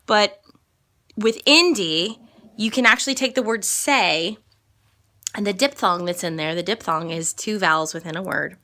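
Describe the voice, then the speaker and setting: Woman, singing teacher, vocal lesson, very slow speech, bright tone, demonstrates by singing. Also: medium pitch. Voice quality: classically trained voice. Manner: explains slowly and demonstrates lines by singing. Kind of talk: vocal lesson with sung examples.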